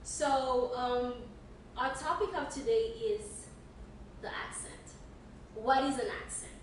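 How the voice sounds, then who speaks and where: A woman's voice: sits high, fairly even intonation, takes it slowly. A woman from Haiti co-hosting a casual podcast, welcoming listeners with many fillers and repeated phrases. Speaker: podcast co-host. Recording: echoey room, distant mic, faint hiss.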